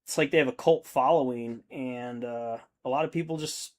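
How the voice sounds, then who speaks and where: A man's voice: mid-range voice, normal speed, a little mellow. A man in his thirties hosting a hobby stream, chatting casually and reading out viewer comments, rambling and swearing freely. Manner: laid-back, rambling, swears a lot.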